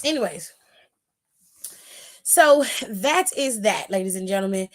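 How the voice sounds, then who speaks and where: A young adult woman hosting a wrestling aftershow, talking straight to her viewers in animated, casual commentary with some swearing. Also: medium pitch, unhurried. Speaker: wrestling show host.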